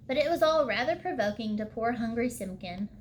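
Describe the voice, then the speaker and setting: Library storytime reader, woman, unhurried read-aloud, fairly high voice. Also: a little hiss or hum. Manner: unhurried, with small slips and throat-clearing.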